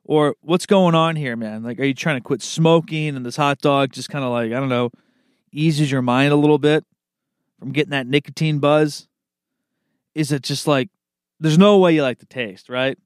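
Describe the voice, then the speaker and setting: A relaxed man rambles on in a loose monologue, cursing easily and tossing in "man" and "dude" everywhere. His voice sits a bit high for a guy. The recording is dry and close, with no room sound. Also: normal speed, clear, resonant tone, no room sound. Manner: laid-back, swears freely, says "man" and "dude" a lot; chuckles at his own slips.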